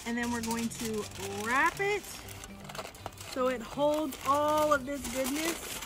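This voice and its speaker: A woman's voice: high-pitched, slow, over music. A middle-aged woman, a campground host, cheerfully explaining an outdoor cooking demonstration step by step outdoors. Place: outdoor campground by a fire pit.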